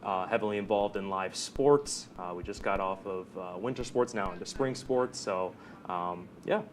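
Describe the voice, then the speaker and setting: A man's voice: deep voice, normal speed, slight background noise. A young man, a guest on a student campus TV show, talking in an easygoing way with some fillers. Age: young adult. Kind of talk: casual studio chat. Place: campus TV studio.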